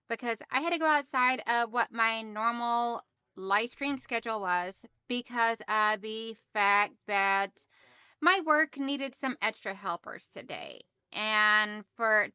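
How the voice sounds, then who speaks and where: A woman's voice: sits high, sharp tone, clear, resonant tone, no echo, dull audio. A woman hosting a sewing livestream, chatting casually and greeting her viewers one by one by name.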